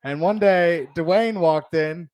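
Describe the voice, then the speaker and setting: Young man, stand-up comedian, crude rambling delivery, smooth voice, dry close sound. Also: fairly high pitch, slow, a little mellow, dry recording. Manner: loose, rambling delivery with crude jokes and fillers. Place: comedy show in a bar.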